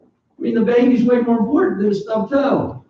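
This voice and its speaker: A man in his forties preaches in an animated, joking way, breaking into sudden loud bursts. His voice sits very high. He sounds far from the mic, dull and thin, in a church hall with heavy echo. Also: moderate pace. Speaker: pastor. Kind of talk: sermon. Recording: echoey, distant, dull church PA recording.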